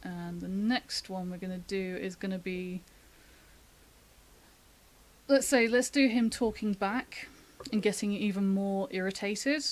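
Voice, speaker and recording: A woman's voice: medium pitch, unhurried. Chatty woman talking through a drawing. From United Kingdom. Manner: chatty, thinking aloud, laughs often. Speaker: artist giving a drawing demo. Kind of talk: casual live-stream drawing tutorial.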